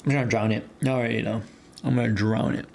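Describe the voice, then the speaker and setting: A man's voice: medium pitch, steady tone, fast, vocal fry, a little mellow, slight background noise. A man hosting a casual food vlog, chatting to his viewers between bites and then reviewing a movie. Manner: chatty, talks to viewers as "guys" while eating; eats between lines with food noises.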